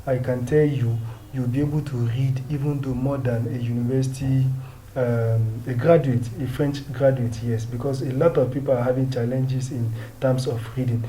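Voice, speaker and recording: A man's voice: mid-range voice, steady tone, moderate pace, mellow, a little hiss or hum, rough recording. A man with a Nigerian English accent teaching French pronunciation, patiently drilling words and asking rhetorical questions. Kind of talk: pronunciation lesson.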